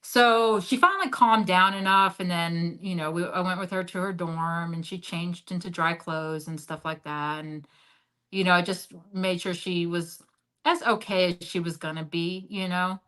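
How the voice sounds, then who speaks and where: Woman interview guest, bright forceful tone, swears freely, lots of "like", animated swings in pitch and volume. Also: normal speed, low-quality recording. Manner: blunt and heavily profane, leans on "like" as a filler; animated, jumps up and drops low in pitch and loudness. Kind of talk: candid storytelling in a sit-down interview.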